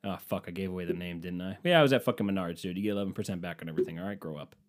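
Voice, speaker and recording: A man's voice: deep voice, very fast. A man telling a comedic story in a casual, rambling way, sarcastic and full of swearing.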